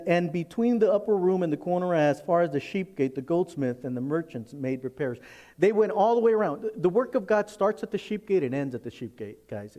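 A man preaching a sermon, swinging between loud, high mocking lines and soft, quiet emphasis. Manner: animated preaching, rising loud to mock the enemy, dropping soft. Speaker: pastor.

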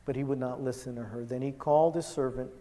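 Impassioned preacher in a reverberant hall. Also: male voice, mid-range voice, fairly even intonation, fast talker. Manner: impassioned, swings from loud to hushed. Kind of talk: sermon.

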